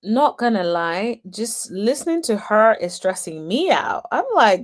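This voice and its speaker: A woman's voice: on the high side, animated, moderate pace, few pauses. A woman hosting a casual reaction commentary, speaking to her viewers with chatty, exasperated asides. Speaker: host.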